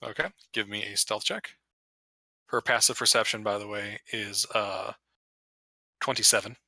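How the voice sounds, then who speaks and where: A man running a tabletop role-playing game over voice chat, casually narrating and voicing giants in a slower, lower voice. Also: fairly even intonation, pushed and bright, no echo. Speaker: dungeon master. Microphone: headset or desk mic on voice chat.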